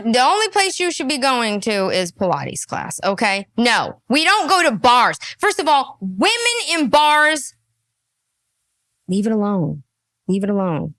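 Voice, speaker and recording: A woman's voice: mid-range voice, a bit bright, no echo, clean studio sound. A woman giving mocking, exasperated reaction commentary.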